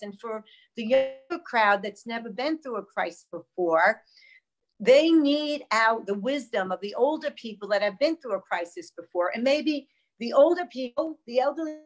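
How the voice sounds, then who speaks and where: A woman hosts a live conversation, jumping into stories with emphatic energy. Her voice sits on the higher side, and she presses her points with lively conviction. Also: normal speed. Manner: animated storyteller, emphatic. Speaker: host.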